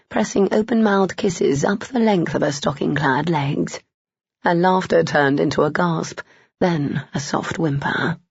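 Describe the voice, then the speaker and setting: A woman reading a romance novel aloud as an audiobook narrator, steady and even. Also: deep voice, vocal fry, breathy edge, no room sound. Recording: dull, dry, lo-fi.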